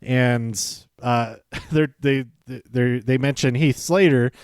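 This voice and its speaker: A man's voice: mid-range voice, steady tone, slow, a little mellow, clean tone, dry recording. Chatty man recapping a show, dry sound. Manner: chatty, self-interrupting, chuckles often; acts out quoted lines in livelier voices. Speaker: podcast host. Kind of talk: casual solo show recap.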